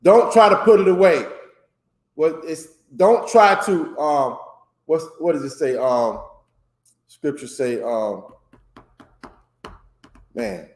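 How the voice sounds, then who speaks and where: A man's voice: on the high side, takes it slowly, pauses often. A man from Florida leading an informal religious teaching class in loose, rambling, emphatic street talk. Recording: echoey room.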